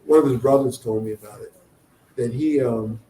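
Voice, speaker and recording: A man's voice: medium pitch, moderate pace, warm tone. A man, an author at a book event, telling a story and acting out the dialogue of the people in it. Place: event venue. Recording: echoey room, faint noise.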